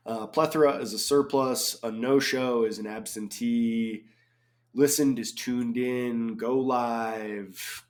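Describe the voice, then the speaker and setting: A man in his forties talks his way through a crossword on his own, in a middle-pitched voice. He is chatty and digressive and thinks out loud, with many ums and small asides between clues. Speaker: crossword solver. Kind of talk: casual solo commentary while solving.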